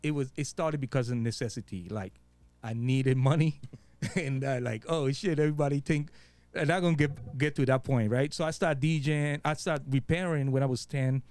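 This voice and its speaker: A man's voice: mid-range voice, normal speed, darkish tone, dry recording. A man with a Virgin Islands accent talking casually as a guest DJ, loose and slangy, swearing freely. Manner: laid-back, street slang, frequent swearing and fillers. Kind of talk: casual interview chat.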